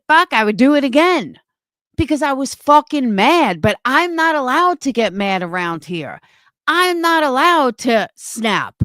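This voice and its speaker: A woman on a livestream, venting in an angry, confrontational tirade full of profanity. Her voice sits a little high and leaps all over the place as she pushes back. The sound is dry, with no room around it. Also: a bit bright, no room sound. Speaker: streamer. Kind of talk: livestream rant.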